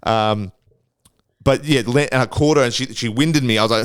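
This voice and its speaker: A man's voice: medium pitch, moderate pace, clean tone, no room sound, clean studio sound. A young man telling a rambling, swear-filled story on his solo podcast, acting out his own panicked noises. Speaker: podcast host.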